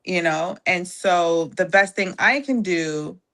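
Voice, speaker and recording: Reflective woman guest, low-pitched, halting casual talk. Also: fairly bright tone. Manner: reflective, halting, many fillers. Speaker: podcast guest. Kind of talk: casual conversation.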